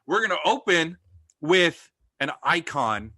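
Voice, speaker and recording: A man's voice: fairly high pitch, sing-song, takes it slowly, bright, forceful tone, no room sound, studio quality. A man co-hosting a podcast, chatting casually with playful, jokey banter. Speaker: podcast co-host. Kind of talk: casual chat.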